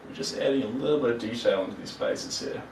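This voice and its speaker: A man's voice: medium pitch, fast talker, a little mellow, roomy sound, distant mic, a little hiss or hum, poor audio. A man with a New Zealand accent chatting playfully with viewers as he paints on a live stream. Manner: chatty, playful, talks to viewers while working.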